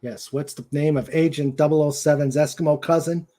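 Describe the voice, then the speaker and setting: A man's voice: fairly high pitch, fairly even intonation, warm tone. A man with a New England accent hosting a casual web show, telling jokes and laughing often. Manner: joking, unhurried, laughs often. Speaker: host.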